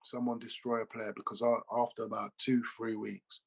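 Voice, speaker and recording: A man, a former footballer, telling animated, slangy stories as an interview guest over a video call. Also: on the low side, moderate pace, gravelly, highs cut off. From England. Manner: animated, loose slangy storytelling with repeats. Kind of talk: casual interview storytelling.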